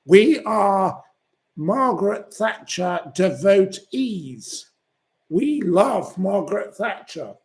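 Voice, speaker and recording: Slow-talking ranting man. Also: high-pitched, big pitch swings. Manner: ranting and swearing at commenters. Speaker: channel host. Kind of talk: livestream rant reading viewer comments.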